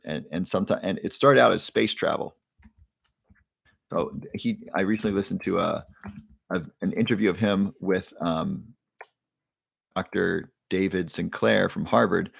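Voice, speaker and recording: A man's voice: sits low, creaky, breathy edge, dry recording, clean studio sound. A man hosting a live online show, leading viewers through a breathing exercise in an upbeat, chatty way that keeps prompting the audience.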